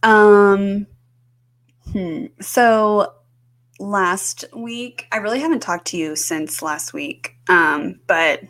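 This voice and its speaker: A woman's voice: mid-range voice, extremely slow, a bit bright. A woman co-hosting a podcast, chatting casually with many fillers and restarts. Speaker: podcast co-host. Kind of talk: casual chat.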